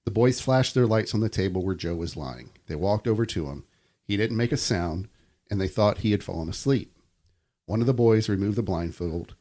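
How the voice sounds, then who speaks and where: A man with a low voice reads short creepy stories aloud for a podcast, with casual chat in between. He laughs easily with his co-hosts. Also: animated, normal speed, mellow. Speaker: podcast co-host reading stories. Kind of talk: casual chat and story reading.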